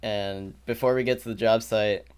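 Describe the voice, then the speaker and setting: A young man co-hosting a podcast, telling an animated, profane story full of fillers in casual chat. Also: fairly low pitch, normal speed, clean tone. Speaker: podcast co-host.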